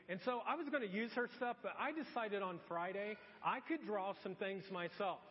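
A man's voice: high-pitched, fairly quick, hardly any pauses. A middle-aged man preaching a sermon as pastor, telling stories and acting out voices. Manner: animated storytelling with acted-out voices. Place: church. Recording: dull sound in a long-reverb church hall.

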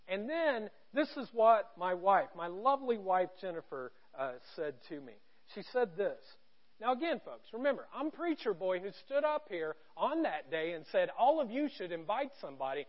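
A middle-aged man preaching a sermon from a church stage, conversational and joking, going from quiet to loud. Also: sits high, big pitch swings, normal speed, highs cut off. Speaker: pastor.

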